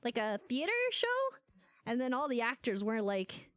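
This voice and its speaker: A young adult woman streaming as a VTuber, chatting casually in an animated way with lots of fillers. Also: fairly high pitch, normal speed, dry recording. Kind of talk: casual live-stream rant.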